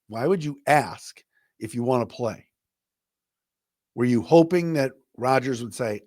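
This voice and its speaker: A man's voice: mid-range voice, measured pace, long pauses, no echo, clean studio sound. A middle-aged man hosting a sports talk podcast, giving opinionated, conversational commentary and acting out quotes as he goes. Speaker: podcast host.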